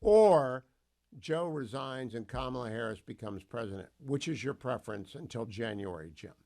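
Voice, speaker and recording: A man hosting a talk radio interview, putting his questions in a measured, deliberate way. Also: medium pitch, lively intonation, a little mellow. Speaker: radio show host.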